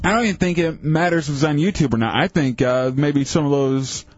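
A man's voice: fairly high pitch, brisk, no room sound, highs cut off, soft background music. A man co-hosting a talk radio show, laid-back in casual banter. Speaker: radio co-host.

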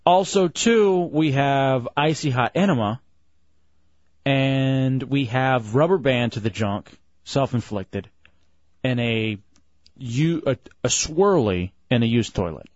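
A man hosting a late-night radio call-in show, bantering loosely with jokey, drawn-out exclamations. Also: mid-range voice, lively intonation, darkish tone, no echo. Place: radio studio. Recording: slightly dull, dry broadcast audio.

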